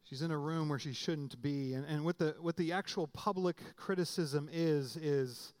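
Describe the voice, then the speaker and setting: Man preaching a lively, conversational sermon. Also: a little high, moderate pace, hardly any pauses. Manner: conversational preaching with restarts and sudden emphatic rises. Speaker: pastor.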